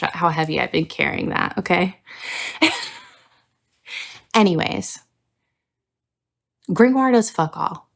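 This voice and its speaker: A woman's voice: on the low side, vocal fry. A young adult woman hosting a casual book review video, ranting with plenty of swearing. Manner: ranting, profane, animated.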